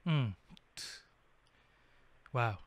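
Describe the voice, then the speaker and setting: A man's voice: extremely slow, reverberant, recorded from a distance, lo-fi sound. A male host asking short interview questions and giving brief agreeing sounds.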